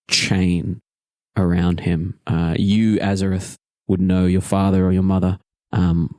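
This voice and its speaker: Deep-voiced man running a tabletop game. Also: darkish tone, no echo. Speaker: game master.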